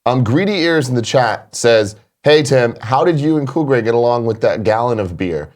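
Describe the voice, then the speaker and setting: A man's voice: medium pitch, lively intonation, normal speed, a little mellow. A man in his thirties hosting a casual morning show, telling stories animatedly and swearing freely. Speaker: show host. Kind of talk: casual chat.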